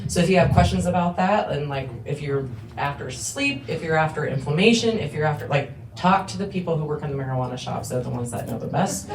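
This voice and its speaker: A woman presenting at a conference, joking and quick to laugh during the Q&A. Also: low voice. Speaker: breakout session presenter. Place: conference room. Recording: echoey room with background noise.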